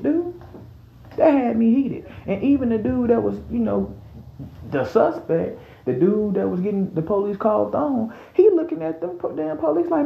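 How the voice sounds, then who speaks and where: A man hosting a casual podcast rant, heated and profane, dropping to low mutters and jumping up to high yells. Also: gravelly. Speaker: podcast host. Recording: roomy, dull lo-fi sound.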